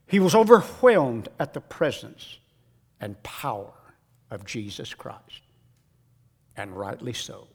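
A man preaching a sermon in a dramatic way, dropping to a hush and then rising to shouts. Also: medium pitch, very animated, takes it slowly, gravelly, long pauses, slightly rough. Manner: dramatic, swings from hushed to shouting.

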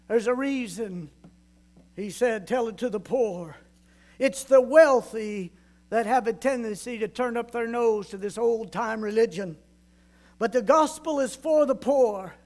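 A male preacher with a very high voice for a man retells a scripture story in a sermon. He paints the scene vividly and turns to the congregation with rhetorical questions.

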